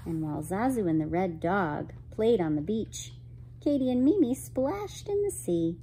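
Female storyteller for children, gentle and expressive, slow-paced and sing-song. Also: mid-range voice, a little hiss or hum, rough recording. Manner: gentle, expressive, asks listeners questions. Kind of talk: reading a children's picture book aloud.

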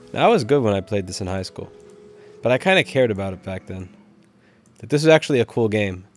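A man hosting a casual game stream, chatting wryly and shouting when the action heats up. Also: lowish voice. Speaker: host.

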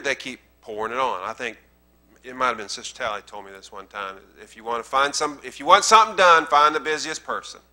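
A man's voice: on the high side, bright, forceful tone. A man with a Southern American accent preaching a sermon in a church, talking plainly to the congregation and building to emphatic, repeated lines. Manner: conversational preaching that swells into emphatic repetition. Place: church sanctuary.

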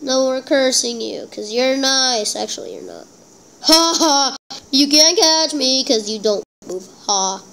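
A woman giving casual gameplay commentary, excitable and self-deprecating, talking straight to her viewers. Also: sits high, takes it slowly, low-quality recording. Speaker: gameplay channel host.

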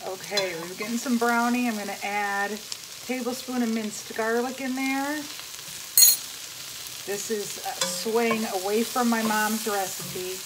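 A woman's voice: on the high side, steady tone, a little slow. A woman hosting a home cooking demonstration in her kitchen, chatting viewers through each step. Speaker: home cooking channel host. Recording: loud sizzling pan noise.

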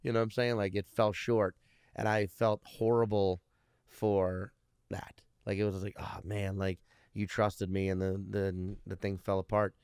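A man's voice: fairly low pitch, flat delivery, normal speed, a little mellow, clear, resonant tone, no room sound, studio quality. A man in his thirties, a comedian guest, telling rambling stories in casual interview chat and swearing constantly. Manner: heavy swearing, rambling storyteller.

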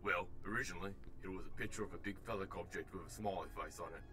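An actor playing a crude, teasing talking computer with an Australian accent and broad slang. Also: male voice, sits low, rapid-fire, pushed and bright. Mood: wry.

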